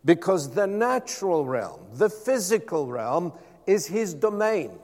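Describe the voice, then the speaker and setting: A man's voice: sits high, a little mellow. A male pastor preaching a sermon, drawing the congregation in with repeated calls of "Amen?". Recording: long hall reverb.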